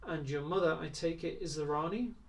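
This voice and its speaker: A wry, bantering grown man, as a male reader plays him, asking questions with light mockery. The voice is a little higher than average for a man and heard from slightly off the mic. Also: fairly quick, far from the mic, a little hiss or hum, close to an everyday voice. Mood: curious. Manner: bantering, gently teasing.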